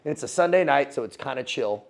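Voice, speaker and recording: A man's voice: mid-range voice, lively intonation, fast, vocal fry. A man guest in a casual interview, telling a story in slangy, swear-filled talk with frequent laughs. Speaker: guest, former Navy SEAL and Foreign Legionnaire.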